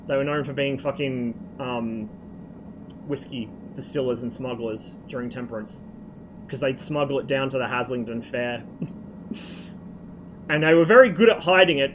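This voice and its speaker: A man from Australia chatting casually on a stream, telling rambling, profane stories. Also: medium pitch. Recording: noisy background.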